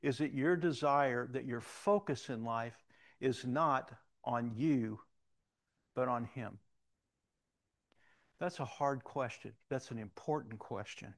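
A man's voice: medium pitch, slow, pauses often. Storytelling middle-aged male pastor. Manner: storytelling, shifts between loud emphasis and quiet reflection. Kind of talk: sermon.

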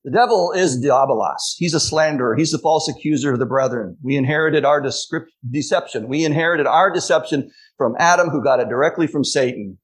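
A pastor preaching a sermon, emphatic, slowing down to stress key phrases. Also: male voice, on the high side, slightly rough.

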